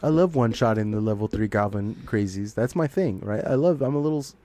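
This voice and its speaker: A man's voice: fairly low pitch, lively intonation, quick pace, mellow. A man co-hosting a podcast, talking in a rambling, profane way and laughing often. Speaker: podcast co-host. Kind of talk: casual chat.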